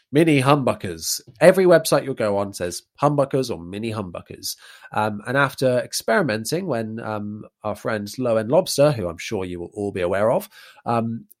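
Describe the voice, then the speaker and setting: A man's voice: medium pitch, lively intonation, normal speed. A man hosting a podcast in casual chat, chatty and self-deprecating, explaining things at length. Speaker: podcast host.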